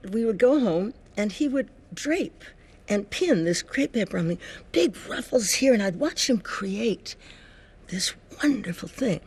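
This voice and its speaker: Older woman, kinda husky, telling big animated stories in an interview. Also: medium pitch. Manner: lively storyteller, acts out quoted voices. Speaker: interview guest.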